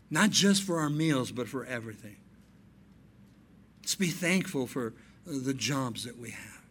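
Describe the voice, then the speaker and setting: A male pastor preaching a sermon, animated, telling stories and acting out dialogue. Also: fairly high pitch, breathy edge.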